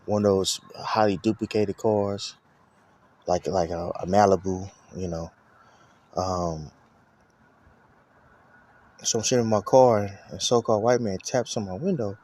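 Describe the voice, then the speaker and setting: Low-voiced man rambling through a profane testimony. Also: measured pace, pauses often, a little mellow. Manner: rambling, profane, full of "you know what I'm saying". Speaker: storyteller giving a personal testimony. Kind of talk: casual personal testimony.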